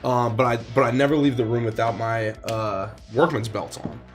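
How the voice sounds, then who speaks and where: A man's voice: mid-range voice, normal speed, soft background music. A man playing a tabletop game, describing his character's actions casually and rambling with fillers. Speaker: player. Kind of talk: tabletop role-play.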